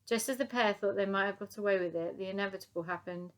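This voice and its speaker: A woman narrating a children's novel as an audiobook, telling it in a lively, expressive way. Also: medium pitch, quick pace.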